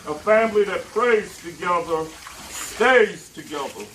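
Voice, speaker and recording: A man's voice: high-pitched, expressive, noisy background. A man filming a casual how-to vlog on his phone, earnest and devout, often stammering and correcting himself. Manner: halting, stammering, self-correcting. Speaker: homeowner vlogger.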